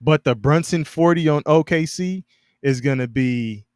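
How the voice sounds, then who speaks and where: Male sports podcast co-host: halting, restart-heavy delivery, laughs often, dry close mic. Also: fairly high pitch, darkish tone, dry recording. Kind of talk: casual sports chat.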